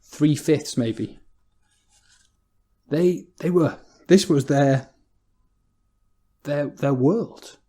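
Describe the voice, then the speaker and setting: A man's voice: fairly high pitch, extremely slow, long pauses, warm tone. An English man preaching a sermon in a church, talking in a conversational way and often repeating words as he goes.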